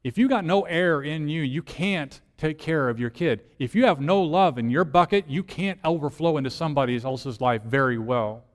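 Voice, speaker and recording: A lead minister giving a conversational sermon, asking rhetorical questions and swinging between soft, hushed lines and emphatic ones. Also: male voice, a little high, normal speed, few pauses, long reverb tail.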